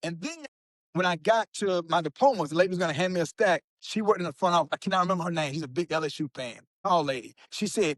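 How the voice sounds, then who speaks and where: A man, a guest speaker telling stories in an emphatic, animated way on a podcast. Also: high-pitched, fast talker, no echo. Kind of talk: storytelling in a podcast interview.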